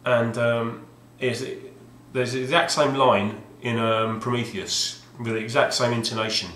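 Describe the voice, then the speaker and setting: A man's voice: medium pitch, flat delivery, a little slow, fairly bright tone, slight background noise. Hesitant, wry male vlogger with a mid-range voice, recorded at home in a reverberant room. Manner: hesitant, restarts often, wry. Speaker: video game collector vlogger. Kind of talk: rambling casual monologue. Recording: roomy echoey home recording.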